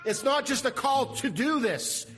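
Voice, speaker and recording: A man's voice: very high voice, lively intonation, a little slow, a bit bright, husky, in a large hall. A man preaching a sermon as pastor, earnest and repeating his key phrases. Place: church sanctuary.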